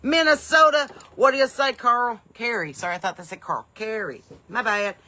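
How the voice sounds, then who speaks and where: Bright, chatty woman hosting a live stream. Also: on the high side, normal speed. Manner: folksy, upbeat, bursts of loud welcomes between rambling asides. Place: home porch in the evening.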